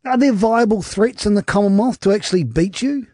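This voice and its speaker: A New radio host chats and teases at a rapid clip in a high voice. The studio sound is close and dry. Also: male voice, warm tone, dry recording. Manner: chatty and teasing. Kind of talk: radio interview.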